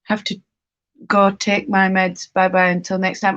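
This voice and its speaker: Slow-talking woman. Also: medium pitch, completely flat delivery, a bit bright, muffled recording. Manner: chatty, reads viewer comments aloud and reacts to them. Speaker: livestream host. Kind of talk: casual live-stream chat while knitting.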